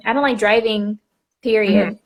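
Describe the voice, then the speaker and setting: A woman's voice: medium pitch, fairly even intonation, normal speed. A young woman in her twenties hosting a casual video chat, telling stories in a chatty way. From Texas, USA. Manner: chatty, storytelling with quoted voices and laughs. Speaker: podcast host. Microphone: video call.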